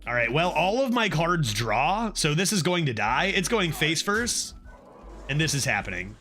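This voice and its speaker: A man's voice: a little high, a little slow, faint music behind. A man streaming a card game, commenting casually, often mocking himself and pleading with the game. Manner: animated, self-mocking, exclaims and pleads at the game.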